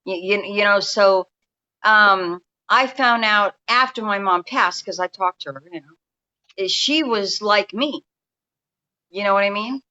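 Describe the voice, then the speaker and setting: Bright-voiced New woman in her fifties. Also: mid-range voice, unhurried, dull audio. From New York. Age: 50s. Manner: rambling, restarts often, speaks in a confiding way. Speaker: guest energy healer. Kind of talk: casual storytelling interview. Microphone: remote call.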